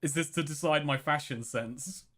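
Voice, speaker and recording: A man's voice: fairly high pitch, normal speed, fairly bright tone. A man playing a tabletop game, chatty and musing aloud about his choices. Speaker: player. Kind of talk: casual tabletop play.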